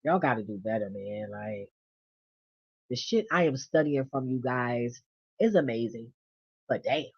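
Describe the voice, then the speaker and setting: A woman venting in a casual monologue, blunt and profane, swinging from low mutters to loud rants. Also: measured pace, breathy edge, no echo. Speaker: vlogger. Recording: dull lo-fi dry recording.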